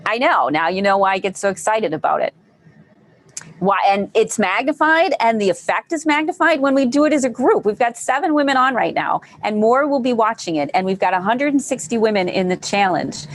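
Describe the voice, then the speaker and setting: A woman's voice: fairly high pitch, expressive, brisk. Enthusiastic woman hosting a live stream. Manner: enthusiastic, encouraging, repeats phrases. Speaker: host of a live online group session. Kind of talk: casual live-stream talk.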